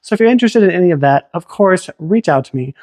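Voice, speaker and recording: A man's voice: high-pitched, expressive, fast, a little mellow. A man working as a realtor, narrating a casual walk-through of a house with chatty, enthusiastic exclamations as he moves from room to room. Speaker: realtor giving a home tour. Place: inside a house, walking room to room.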